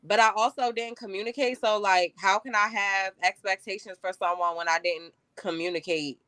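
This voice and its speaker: Young woman, candid casual chat, bright smooth voice, dry close mic. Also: medium pitch, fairly even intonation, moderate pace, no echo. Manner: candid, casual, frequent "like" and "you know".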